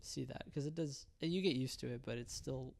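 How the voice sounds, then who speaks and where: A young man co-hosting a casual movie review podcast, laid-back and quick to laugh. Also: medium pitch, creaky, darkish tone. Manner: laid-back, laughs easily, acts out quotes. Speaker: podcast co-host.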